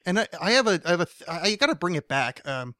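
Podcast co-host, a man with a slightly high voice, loose and rambling, dry close sound. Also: sing-song, fast talker, bright, forceful tone, dry recording. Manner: rambling, self-mocking, many restarts. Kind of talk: casual chat.

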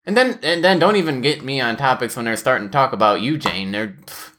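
A woman's voice: extremely low pitch, expressive, fairly quick, fairly bright tone. A woman hosting a casual podcast chat, telling work stories as a postal carrier, acting out coworkers' voices and laughing often. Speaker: podcast host.

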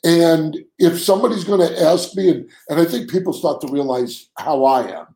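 A man with a rather high voice and a gravelly, creaky edge chats earnestly on a podcast. He often repeats his first words before getting a thought out. The sound is roomy and echoey. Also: moderate pace, mellow. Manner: earnest, repeats words when starting sentences. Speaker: co-host. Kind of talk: casual podcast chat.

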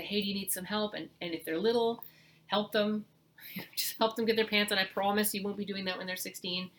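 A middle-aged woman hosting a parenting podcast, giving casual, earnest advice and acting out what parents might say. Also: medium pitch. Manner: earnest, animated when acting out parents' words.

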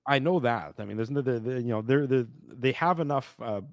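A man's voice: mid-range voice, a little fast, dry recording, highs cut off. A man hosting a hockey post-game show, chatting casually and rambling with lots of fillers and restarts.

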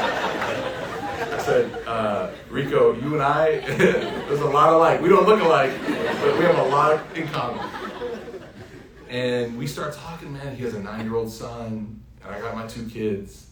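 A man giving a casual religious lesson, telling stories in a lively, anecdotal way and often laughing as he talks. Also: medium pitch, moderate pace, long pauses, background noise. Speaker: Islamic teacher. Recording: roomy echo, speaker off-mic.

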